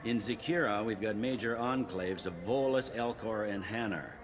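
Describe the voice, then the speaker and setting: An actor playing a blunt, pragmatic male police captain in a video game, talking in a gruff, matter-of-fact way. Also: on the low side, moderate pace, a crowd in the background, close to an everyday voice.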